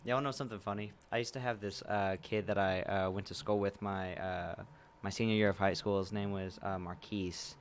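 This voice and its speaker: A man's voice: on the low side, fairly even intonation, normal speed, slight background noise. A male guest comedian in a radio studio, telling a story in a laid-back way with many fillers.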